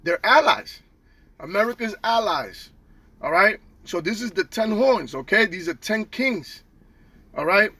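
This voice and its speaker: A man's voice: sits high, expressive, unhurried, pushed and bright, husky, no echo. A man teaching from the Bible in a casual street style, tagging nearly every line with "okay?" and "all right?", slangy and profane.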